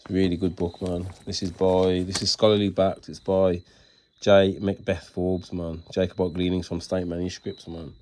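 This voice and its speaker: A man's voice: low-pitched, level tone, measured pace, darkish tone. A man speaking casually to his followers in a preachy, insistent way, often tagging "man", restarting words and reading passages aloud from books. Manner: repeats "man" as a tag, restarts and stumbles. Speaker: self-styled religious speaker.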